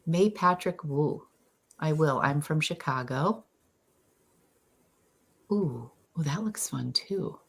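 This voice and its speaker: A woman's voice: low voice, animated, slow, pauses often, husky. A woman with a Boston accent co-hosting a live pen show stream, chatting casually and reading out viewer comments. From Boston area. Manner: enthusiastic, reads viewer comments aloud.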